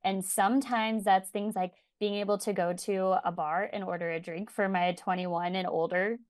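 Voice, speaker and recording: A woman speech therapist describes how she works with clients in a steady, practical way. Her voice sits in a middle range. The recording is dry and close. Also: medium pitch, moderate pace, no room sound. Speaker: speech-language pathologist, guest. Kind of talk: casual conversational interview.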